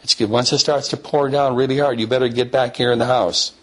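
A man voicing a doting old grandmother who fusses and worries, in a high, fluttery, questioning voice. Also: steady tone, fairly quick, lightly acted. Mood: worried.

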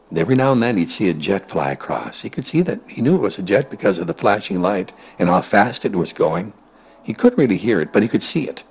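A man with a low, husky voice spins an improvised tale. His delivery is rambling and gentle, and now and then it sinks to a soft near-whisper. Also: animated, fast. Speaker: storyteller. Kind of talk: improvised spoken storytelling.

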